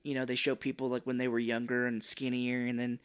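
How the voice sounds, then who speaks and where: A man co-hosting a casual podcast, recapping a movie and acting out its lines in high, mocking put-on voices. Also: completely flat delivery, a little fast, clean tone. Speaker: podcast co-host.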